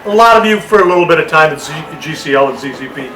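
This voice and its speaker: A hoarse older man, a former radio announcer turned salesman, giving a jokey, rambling speech at a reunion table, caught on a handheld camera. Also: a little high, expressive, rapid-fire, sharp tone, soft background music. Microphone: handheld camera across the room. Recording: echoey room with crowd chatter.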